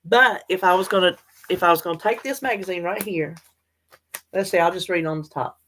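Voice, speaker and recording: A woman's voice: on the low side, fairly quick, a little hiss or hum. An older woman, chatting casually and directly to her viewers in a vlog. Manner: chatty, animated, talks straight to viewers. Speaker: vlogger.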